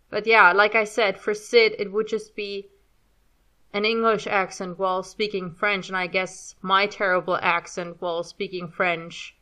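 A woman in her thirties with a faint German accent talks casually in a bright, forceful voice. She rambles, restarts her sentences and pokes fun at herself, ending thoughts on a shrug. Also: lowish voice. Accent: light German. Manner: chatty, self-deprecating, rambling with restarts. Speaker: fan audio reader. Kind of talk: casual spoken commentary.

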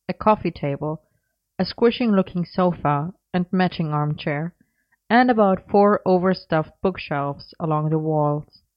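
Female story narrator, low voice, measured; dull lo-fi recording. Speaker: audiobook narrator.

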